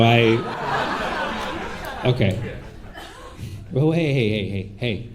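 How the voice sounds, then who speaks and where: A male stand-up comedian doing crowd work, sarcastic and mock-defensive, sometimes bursting into shouts. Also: medium pitch, measured pace, pauses often. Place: comedy club stage. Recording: comedy club with audience laughter and noise.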